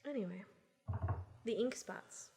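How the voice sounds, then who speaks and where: A woman co-hosting a casual podcast chat, enthusiastic and quick to giggle. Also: fairly high pitch, warm tone, slightly rough. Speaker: podcast co-host.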